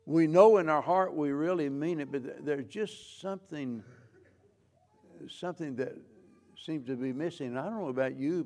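A man preaching a sermon as pastor, slow and measured, with frequent restarts. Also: on the high side, gravelly, a little mellow.

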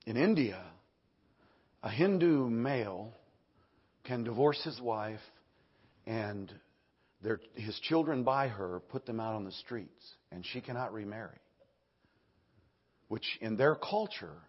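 An older man preaching a sermon, hoarse from singing, swinging from loud emphatic bursts to hushed storytelling. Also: medium pitch, lively intonation, takes it slowly, long pauses, dull audio. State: hoarse, voice nearly gone. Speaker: Baptist preacher.

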